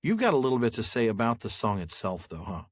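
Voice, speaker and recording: A man's voice: mid-range voice, huge pitch swings, fast, dry recording, studio quality. A man co-hosting a podcast, chatting casually and joking about a book, then reading a passage aloud steadily. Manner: easygoing, joking, reads narration steadily. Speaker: podcast co-host.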